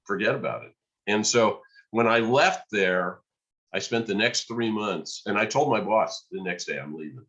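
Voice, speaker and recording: A man, a podcast guest, telling a lively story and acting out the dialogue. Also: fairly low pitch, normal speed, lo-fi sound. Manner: animated storyteller, acts out quoted dialogue. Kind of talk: storytelling in conversation.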